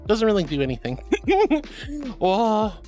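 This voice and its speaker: A woman's voice: medium pitch, big pitch swings, a little slow, dark tone, faint music behind. Bubbly, giggly woman streamer. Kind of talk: casual chat, reading chat aloud.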